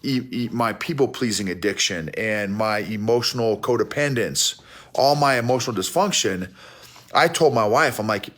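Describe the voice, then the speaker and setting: A middle-aged man with a folksy, animated manner, talking to a phone camera outdoors in the snow and often restarting his words. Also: medium pitch, normal speed. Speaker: leadership coach and podcast host. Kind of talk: casual outdoor talk to camera.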